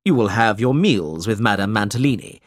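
A man voicing a domineering older uncle in a storybook who gives orders curtly. His tone is husky and the recording is dry. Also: on the low side, lively intonation, normal speed, no echo. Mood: cold.

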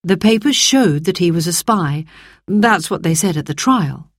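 A sorrowful, gentle mother speaks in a low, measured voice, as a woman reading a storybook voices her. There is a husky, breathy edge to her words, heard close and dry. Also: expressive, no echo. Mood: sad calm.

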